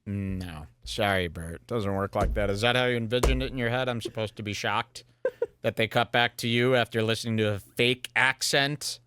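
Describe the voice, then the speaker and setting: A man hosting a podcast, giving sarcastic, deadpan commentary on film clips into a studio mic. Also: fairly low pitch, moderate pace, clear, resonant tone. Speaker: podcast host. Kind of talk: casual commentary. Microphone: headphones and studio mic.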